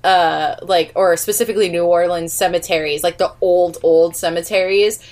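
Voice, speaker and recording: A woman from California on a podcast, telling stories in a lively way and laughing often. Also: fairly low pitch, normal speed. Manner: animated storyteller, laughs often. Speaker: podcast co-host. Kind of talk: casual chat.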